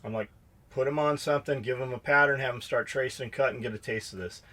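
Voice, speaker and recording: A man's voice: mid-range voice, fast talker, bright, forceful tone. A middle-aged man co-hosting a podcast, telling profane shop stories in casual chat and acting out both sides of the dialogue. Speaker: podcast co-host and shop owner.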